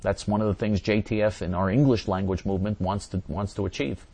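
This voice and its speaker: A man's voice: on the low side, steady tone, a little fast, darkish tone, breathy edge. A man hosting a show where he reads forum questions and answers them at length, repeating and restarting words, with heated, emphatic remarks. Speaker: host answering viewer questions.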